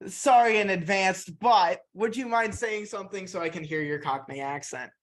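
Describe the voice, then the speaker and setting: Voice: mid-range voice, normal speed. A podcast host and interviewer who reads out a prepared biography of the guest and then asks questions.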